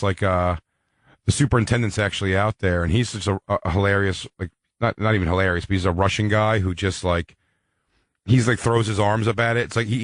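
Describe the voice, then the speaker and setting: A man's voice: lowish voice, no room sound, studio quality. A man co-hosting a radio comedy show, telling a story in casual chat, swearing a lot and acting out other people's lines in a raised voice.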